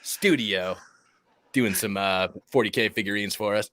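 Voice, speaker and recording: A man's voice: fairly low pitch, unhurried, a bit bright, dry recording. A man hosting a casual gaming stream, teasing and joking with his co-host. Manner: teasing, jokey banter.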